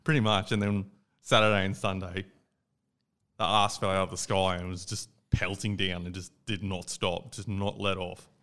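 A man's voice: deep voice, normal speed, smooth. Young Australian man telling a story. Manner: animated storyteller, acts out quotes, swears casually. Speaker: podcast co-host. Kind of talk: casual chat.

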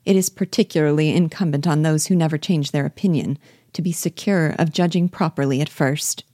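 Woman reading witty young lady, teasing, pointed, low mellow voice. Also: a little fast, dry recording, studio quality.

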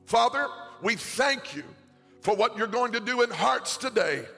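A pastor preaching a sermon to a congregation in a large church, his delivery rising into a sing-song cadence and shouted peaks. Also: extremely high pitch, animated, measured pace, creaky. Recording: long hall reverb, faint music.

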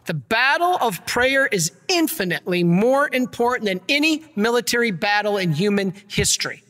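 Man, priest, earnest sermon, very high voice, long hall reverb. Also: normal speed. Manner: earnest, energetic preaching, gets worked up. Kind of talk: sermon with slides.

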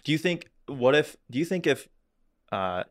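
A man's voice: a little high, very animated, normal speed. A young man hosting a podcast, chatting casually and joking, acting out imagined conversations. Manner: joking, acts out imagined dialogue. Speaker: podcast host. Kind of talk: casual chat.

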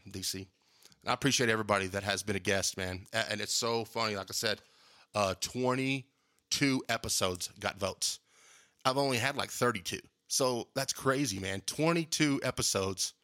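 Earnest, bright-voiced podcast host. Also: male voice, medium pitch, dry recording, clean studio sound. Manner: rambling, earnest, says "man" often. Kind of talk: casual year-end thank-you monologue.

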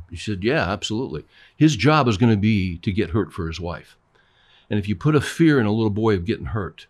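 An older man talking casually as a pastor and co-host, telling stories and acting out both sides of conversations. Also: on the low side. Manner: storytelling, acts out both sides of dialogues.

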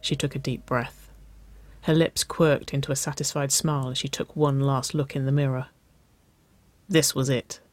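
An audiobook narrator reading a romance story in an even, unhurried way. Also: mid-range voice, no echo. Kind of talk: scripted narration.

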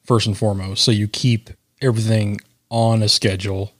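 A man's voice: lowish voice, level tone, normal speed. A man co-hosting a podcast from a cigar shop, talking casually and animatedly, laughing and swearing. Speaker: podcast co-host and editor. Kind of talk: casual chat.

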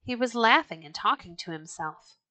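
A woman reading a children's storybook aloud, clear and gentle. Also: a little high, expressive, normal speed, no echo, low-quality recording.

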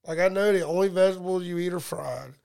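Gravelly high-voiced man telling stories. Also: fast, darkish tone. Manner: profane, joking, acts out both sides of conversations. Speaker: podcast co-host. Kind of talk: casual storytelling chat.

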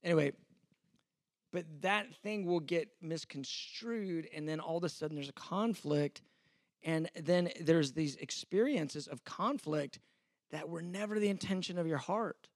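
A man's voice: fairly high pitch, unhurried, no echo, studio quality. A man in his fifties, a pastor, teaching a sermon in a conversational, self-deprecating way, acting out the exchanges he quotes.

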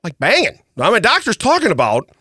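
Here a middle-aged man, co-hosting a podcast, spins an animated story full of laughter and repeated "okay?" asides. He has a high, husky voice and talks a little fast. Recorded on a studio mic in a podcast studio, it's clean with no echo.

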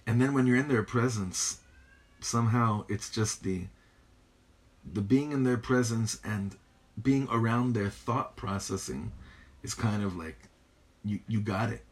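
A man teaching a Hasidic text in a study class. He reads each Hebrew line slowly, then translates it and marvels at it aloud. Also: on the low side, slightly rough.

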